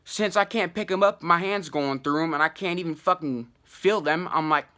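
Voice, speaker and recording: A young man recounts a personal misadventure in loose, slangy talk, swearing freely and tossing in asides. His voice sits a touch high and rings bright and punchy. The delivery is animated and peppered with fillers. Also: normal speed. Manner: profane slang-heavy, animated, many fillers. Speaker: channel host telling a personal story. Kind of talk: casual storytelling to camera.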